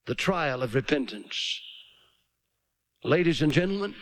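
A man's voice: on the high side, animated, moderate pace, dry recording. A man preaching a dramatic sermon, often mocking others in put-on voices.

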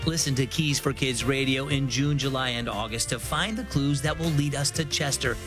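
A young man hosting a children's devotional program, giving friendly, clear scripted narration. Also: medium pitch, normal speed, music in the background. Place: studio.

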